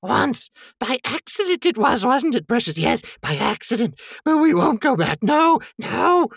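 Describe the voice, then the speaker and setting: A man's voice: very high voice, big pitch swings, a little slow, vocal fry, fairly bright tone, breathy edge, no room sound, studio quality, voice pushed up, exaggerated voice. A man reading aloud and voicing a wretched, tormented creature that hisses, whines and sobs. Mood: shrieking. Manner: shrieking, sobbing, hissing.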